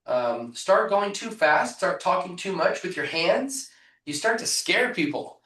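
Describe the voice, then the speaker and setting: A man coaching real estate agents in a live training, punchy and energetic, often asking rhetorical questions over a video call. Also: high-pitched, measured pace. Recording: echoey room, voice far from mic.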